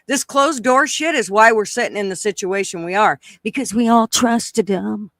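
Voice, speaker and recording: A man's voice: high voice, normal speed, a bit bright, dry recording. A man co-hosting a casual political chat, talking bluntly and with plenty of profanity. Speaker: podcast co-host.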